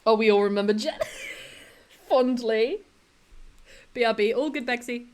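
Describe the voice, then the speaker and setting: A woman's voice: a little high, unhurried, darkish tone. Chatty, giggly woman streaming a game. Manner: chatty and giggly, answering chat between tasks. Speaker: live streamer playing a block-building game. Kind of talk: casual live-stream chat with viewers.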